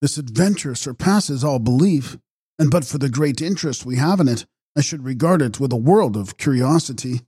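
Man doing distraught young brother, urgent, grieving, husky voice, gothic audiobook. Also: medium pitch, animated, normal speed, warm tone, no echo, clean studio sound, pitched above the performer's own voice. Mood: shocked. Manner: anguished, urgent pleading.

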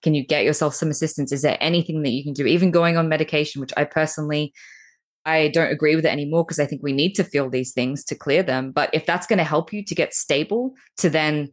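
A woman's voice: low voice, quick pace. A woman speaking as a podcast guest, talking frankly and emphatically about spirituality, and swearing freely. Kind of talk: candid spiritual conversation.

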